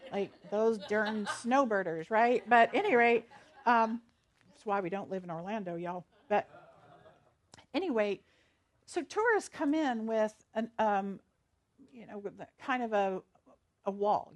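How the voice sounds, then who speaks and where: A woman minister, giving a chatty, storytelling sermon and laughing easily. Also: fairly high pitch. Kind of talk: conversational sermon.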